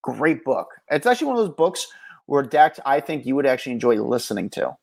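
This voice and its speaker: A man co-hosting a celebrity news podcast in a rambling, animated casual chat, often correcting himself. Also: mid-range voice, fairly quick, vocal fry. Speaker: co-host and street reporter.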